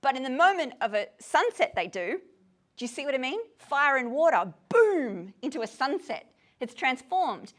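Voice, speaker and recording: Woman speaker, fairly high voice, tired but lively with a group audience. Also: moderate pace. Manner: animated, asks the audience many questions. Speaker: speaker leading a poetry discussion. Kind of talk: informal lecture to a group. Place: room with a gathered audience.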